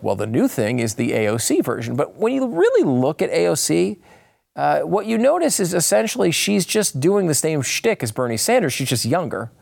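Tired gravelly male political host. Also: a little high. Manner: rambling, self-interrupting, animated asides. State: tired, voice a bit shot. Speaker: show host. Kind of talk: political commentary monologue.

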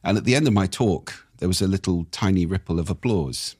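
Brief: older man, croaky and husky, very low voice, lively swooping delivery, dry sound. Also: brisk, no room sound. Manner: animated, swoops up and down in pitch. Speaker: speaking coach. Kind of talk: casual conversation.

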